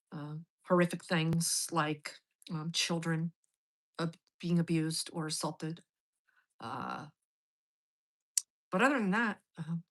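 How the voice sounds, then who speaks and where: Blunt, bright-voiced woman. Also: fairly low pitch, low-quality recording. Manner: blunt, profane storytelling. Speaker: host. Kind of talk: casual monologue.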